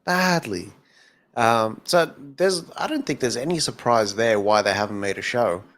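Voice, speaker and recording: A man with a medium-pitched, somewhat bright voice co-hosts a podcast at a moderate pace. He chats casually and laid-back, swearing now and then.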